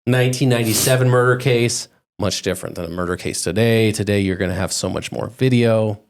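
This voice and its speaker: A man's voice: on the low side, brisk. A man hosting a podcast, steering the conversation and walking through news cases. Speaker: podcast host. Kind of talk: casual podcast chat.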